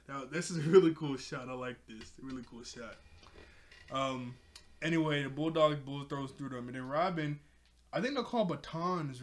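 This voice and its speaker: A young man casually recapping a cartoon episode, rambling with fillers and self-corrections, laughing often. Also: mid-range voice. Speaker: video reviewer.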